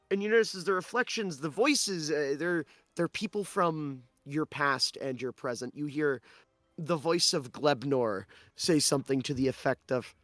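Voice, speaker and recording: A man's voice: a little high, fairly bright tone, no echo. A man running a tabletop role-playing game as game master, narrating scenes and talking with his players. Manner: descriptive, slowing for dramatic narration.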